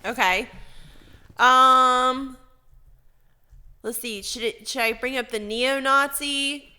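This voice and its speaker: Bright-voiced woman telling crude stories. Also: high-pitched, takes it slowly. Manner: lively storytelling with profanity. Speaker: podcast co-host. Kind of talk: casual chat.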